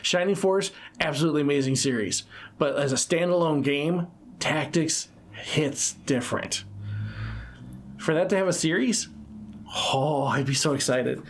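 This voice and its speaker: A man's voice: fairly high pitch, a little slow, a little hiss or hum. A man co-hosting a casual gaming podcast, who laughs often and repeats words as he talks. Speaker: podcast co-host. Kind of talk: casual chat about video games.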